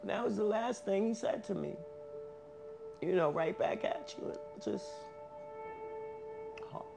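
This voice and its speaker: A woman's voice: mid-range voice, a little slow, gravelly, music in the background. A woman interviewed for a documentary, talking in a conversational, plain-spoken way and often adding "you know". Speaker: victim's widow, interviewee. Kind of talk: documentary interview, personal storytelling.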